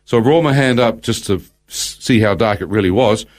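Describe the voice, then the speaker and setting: A man's voice: on the low side, brisk. A man, telling a guest's testimony in conversation, acting out his own thoughts as dialogue and quoting scripture by verse.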